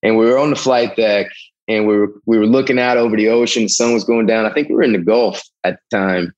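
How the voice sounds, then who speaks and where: A middle-aged man from the American South with a Southern accent, telling a long personal story as an interview guest in a rambling, animated way. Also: fairly low pitch, quick pace, lo-fi sound. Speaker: guest, Navy veteran. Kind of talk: casual storytelling.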